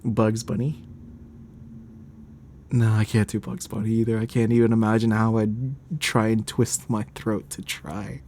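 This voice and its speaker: A man's voice: on the low side, level tone, unhurried, darkish tone. Chatty laughing male game streamer. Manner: chatty, laughing often, easily irritated. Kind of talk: casual game commentary.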